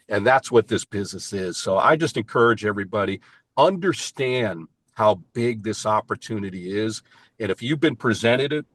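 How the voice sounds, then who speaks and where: A man's voice: on the low side, a bit bright. An older man speaking from inside his car, giving emphatic, enthusiastic motivational answers about his sales work in an interview. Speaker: payments sales team leader.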